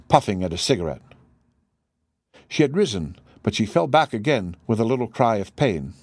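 A man narrating a classic story in an even, low-key manner. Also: moderate pace, dry recording. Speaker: audiobook narrator. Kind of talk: scripted narration.

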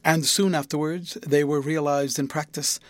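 A man reading a classic novel aloud as an audiobook narrator, in a measured, even storytelling manner. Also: a little high, no echo. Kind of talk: scripted narration.

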